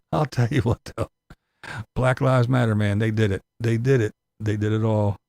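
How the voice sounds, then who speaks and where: A man's voice: lowish voice, fairly even intonation, a little slow, creaky, darkish tone, no room sound. Ranting male vlog commentator, sarcastic and profane, breaks into laughter, dry close sound.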